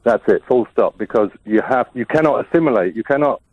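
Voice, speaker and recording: A man's voice: mid-range voice, animated, brisk, no echo. A man in his fifties calling in to a radio show, talking eagerly and rambling. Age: 50s. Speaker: caller. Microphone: telephone. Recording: tinny phone line.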